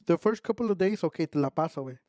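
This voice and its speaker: A man's voice: fairly high pitch, expressive, fast talker, dark tone, dry recording, studio quality. A man, a podcast co-host who argues his point in casual chat and drops "güey" into his speech. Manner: argumentative, peppers speech with "güey".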